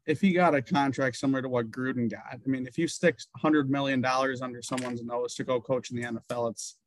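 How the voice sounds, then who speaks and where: A man co-hosting a sports podcast, giving measured, reasoned takes in casual chat. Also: medium pitch, steady tone, slight background noise, rough recording. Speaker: podcast co-host.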